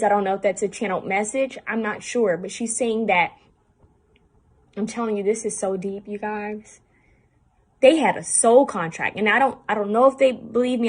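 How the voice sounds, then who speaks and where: Husky-voiced woman channeling a spirit. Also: medium pitch. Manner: halting, repetitive, earnest, addresses viewers directly. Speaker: spiritual medium. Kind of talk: channeled spirit reading to camera.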